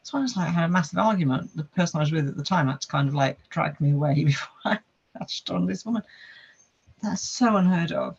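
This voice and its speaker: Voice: mid-range voice, fast, vocal fry, breathy edge. Earnest personal storytelling, repetitive lists, podcast guest, dull lo-fi recording.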